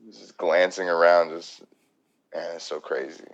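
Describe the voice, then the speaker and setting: A man's voice: sits low, little pitch movement, normal speed, lo-fi sound. A man co-hosting a podcast, telling profane stories in casual chat and laughing a lot. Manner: profane, storytelling, laughs a lot, mimics people in quotes. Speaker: podcast co-host.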